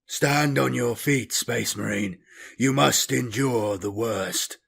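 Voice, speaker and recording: A man reading as a cold, measured traitor captain. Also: vocal fry, slightly rough, heavily acted. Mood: measured, grave. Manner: slow, measured, low and quiet delivery.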